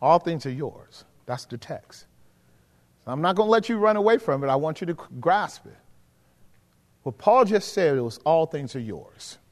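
A man with a high voice preaches, asking his listeners frequent questions. He moves between quiet, low passages and emphatic rises. His voice rings out in a hall with a long reverb tail. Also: lively intonation, normal speed. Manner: preaching with rhetorical questions to the congregation. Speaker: pastor. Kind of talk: sermon teaching.

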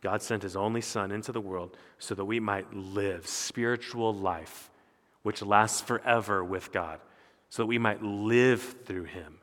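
A pastor preaching a sermon with earnest, emphatic delivery that rises and falls. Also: male voice, on the low side, unhurried, a bit bright, in a large hall.

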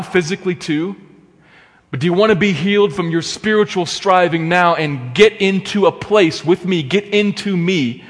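Emphatic male preacher in a reverberant hall. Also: fairly high pitch. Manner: emphatic preaching, swinging between loud stresses and hushed asides. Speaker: pastor. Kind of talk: sermon.

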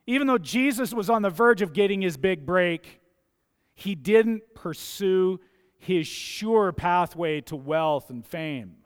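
Guy preaching, kinda high voice, gravelly throat, smooth underneath, big echoey church hall. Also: lively intonation, slow pace. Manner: emphatic, repeats key phrases for stress. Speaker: pastor. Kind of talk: sermon.

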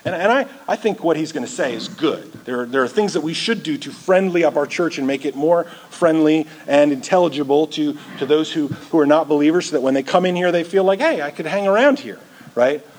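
A man's voice: on the high side, brisk, few pauses, a little mellow, slight background noise. A male pastor preaching a sermon in a church, earnest and repeating words as he builds his points.

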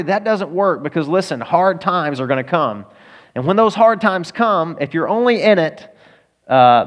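A man delivers a sermon in a slightly raised register, speaking earnestly and conversationally. He keeps asking his listeners questions as he preaches. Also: fairly high pitch. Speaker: pastor.

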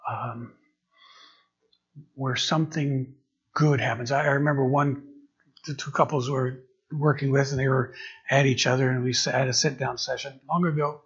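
A man's voice: mid-range voice, fairly even intonation, moderate pace, pauses often, fairly bright tone, slightly rough. A man preaching as an interim pastor, often restarting and repeating words as he searches for his phrasing. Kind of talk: sermon. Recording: dull lo-fi recording.

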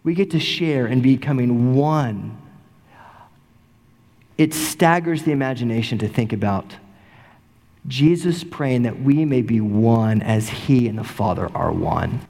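A middle-aged male pastor preaching an animated sermon, full of repeated rhetorical questions. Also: medium pitch, measured pace, pauses often. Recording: long reverb in a large sanctuary.

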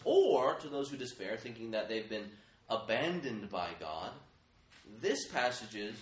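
A man's voice: medium pitch, lively intonation, slow. A man preaching a sermon, earnest and emphatic, speaking straight to his listeners as friends. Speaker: pastor. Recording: echoey room.

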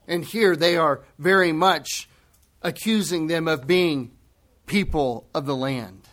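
A male pastor preaching an expository sermon, earnest, swinging from hushed lines to raised ones as he acts out quoted voices. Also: fairly high pitch, slow.

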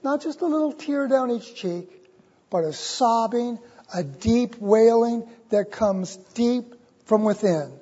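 A man preaching a sermon in a church, impassioned and urgent, repeating his words and swinging between loud and hushed. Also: very high voice, expressive, slow pace, breathy edge. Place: church sanctuary. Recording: dull recording with long church reverb.

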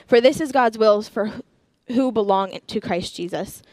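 A woman's voice: medium pitch, normal speed, a little mellow, no echo. A young woman giving an earnest sermon, sharing personal stories and reading scripture aloud. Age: young adult.

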